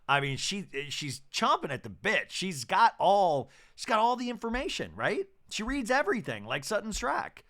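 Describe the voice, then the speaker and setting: A man's voice: a little high, pushed and bright. A man hosting a podcast, campily recapping a reality show episode with chatty asides. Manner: campy, chatty, full of asides and fillers. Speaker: podcast host.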